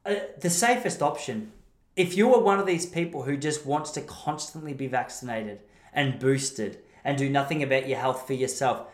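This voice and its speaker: A man's voice: medium pitch, moderate pace. Australian man, podcast host, opinionated monologue, rambling and blunt, echoey room sound. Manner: rambling, blunt, self-correcting. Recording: roomy echo.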